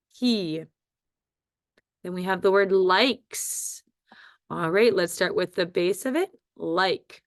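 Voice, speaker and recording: A woman leads a phonics lesson at a very unhurried pace, drawing out each word and sound. Her voice is smooth and clear. The recording is dry and close, with no room sound. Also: medium pitch, dry recording. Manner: slow, deliberate, stretches out words and sounds. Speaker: teacher.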